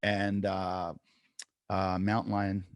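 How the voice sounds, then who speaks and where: Lively low-voiced man telling stories. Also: slow pace, no room sound, clean studio sound. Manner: animated storyteller, acts out quotes. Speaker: podcast co-host. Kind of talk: casual chat.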